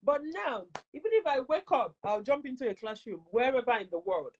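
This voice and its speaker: A woman from Nigeria with a Nigerian accent, a teacher giving animated, emphatic advice in a casual interview and repeating points for stress. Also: high-pitched, brisk, slight background noise. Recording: dull lo-fi recording.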